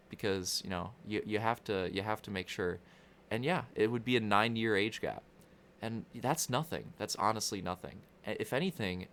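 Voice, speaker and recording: A man's voice: on the low side, fairly bright tone, slight background noise. A young man rambling through casual livestream race commentary, profane and constantly interrupting himself.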